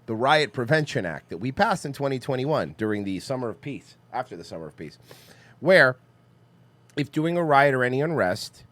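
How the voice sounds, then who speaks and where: A man co-hosting a podcast with sarcastic, quick-witted comedic banter. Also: mid-range voice, big pitch swings, fairly bright tone. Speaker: podcast co-host.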